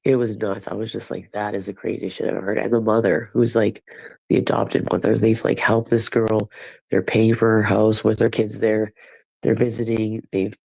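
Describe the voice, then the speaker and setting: A man's voice: on the low side, flat delivery, moderate pace, vocal fry, a little mellow, slightly rough, rough recording. A man chatting casually with his livestream viewers, rambling and profane, with a stuffy nose.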